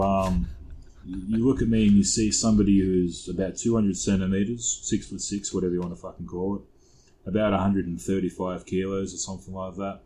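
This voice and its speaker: A young Australian man with a lowish voice tells stories in loose, profane podcast chat. He is relaxed, rambles through anecdotes and curses freely as he goes. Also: a little hiss or hum, low-quality recording. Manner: sweary, laid-back storyteller. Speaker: podcast co-host. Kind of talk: casual storytelling chat.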